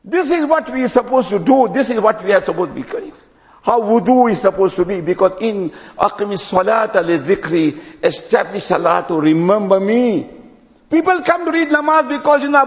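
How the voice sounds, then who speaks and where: Imam, male, high and lively sermon voice; dull recording in a reverberant hall. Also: normal speed. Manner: storytelling, drops to low quiet tones at ends of phrases.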